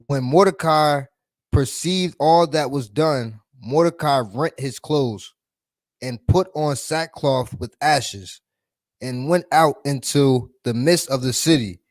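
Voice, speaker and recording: A man reading a scripture passage aloud in a loud, steady, measured delivery. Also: mid-range voice, dry recording. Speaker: scripture reader.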